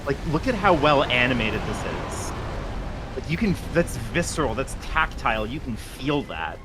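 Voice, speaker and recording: A man's voice: medium pitch, over music. A man playing a game with friends on a stream, joking and teasing in casual chat. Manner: teasing, animated, quick jokes. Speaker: co-op player in a charity stream.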